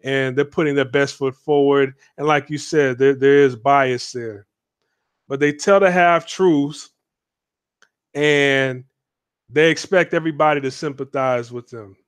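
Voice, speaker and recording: A man's voice: mid-range voice, steady tone, a little slow, clean tone, no room sound, studio quality. A man speaking as a guest on a livestream, talking bluntly and rambling with fillers and restarts. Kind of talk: casual livestream commentary.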